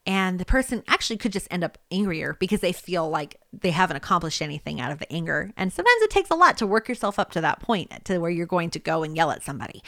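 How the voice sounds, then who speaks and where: A woman's voice: lowish voice, a bit bright, dry recording, clean studio sound. A woman giving spoken advice on handling upset colleagues, conversational and easygoing, often checking in with "okay?" and "right?" and laughing lightly.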